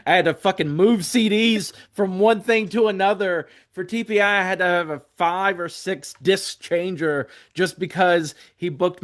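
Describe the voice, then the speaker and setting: A man in his forties, a podcast guest telling rambling road stories in a casual, profane way, acting out what others said. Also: a little high. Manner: profane, rambling, acts out quotes. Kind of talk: casual storytelling.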